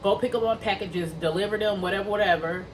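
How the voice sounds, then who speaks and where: A woman's voice: medium pitch, quick pace, recorded from a distance, background noise. A woman casually tells a personal story to her viewers, talking them through it and acting out what people said. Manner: chatty, addresses viewers as y'all, acts out quoted dialogue. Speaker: vlogger telling a personal story.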